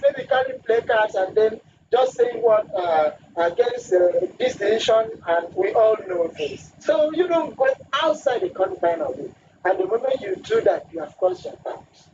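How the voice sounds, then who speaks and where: A speaker on a radio talk show, firm and lecturing. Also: medium pitch. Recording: distant muffled radio studio with hiss.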